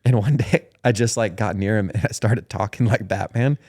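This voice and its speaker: A man's voice: lowish voice, moderate pace, warm tone, breathy edge. Laughing, slangy young male podcast host. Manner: laughs often, loose slangy talk full of "like" and "dude". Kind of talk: casual storytelling chat.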